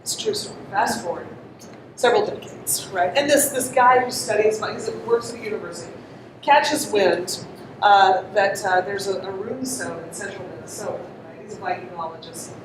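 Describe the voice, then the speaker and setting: A woman's voice: mid-range voice, normal speed. A woman presenter telling a story to a live audience, chatty and laughing often, asking the room questions. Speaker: conference presenter. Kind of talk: interactive storytelling talk to an audience. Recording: echoey room, distant mic, noisy.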